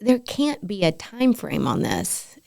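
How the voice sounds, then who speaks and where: A woman's voice: mid-range voice, huge pitch swings, slow pace, vocal fry, a little mellow, dry recording. A woman co-hosting a podcast, talking candidly and with self-deprecating humor in a casual conversation. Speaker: podcast co-host.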